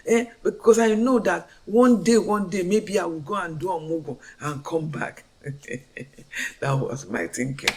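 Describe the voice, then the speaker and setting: A woman's voice: mid-range voice, measured pace. A middle-aged Nigerian woman telling her life story as a fervent faith testimony, repeating phrases with emphatic swings. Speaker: storyteller sharing a personal testimony.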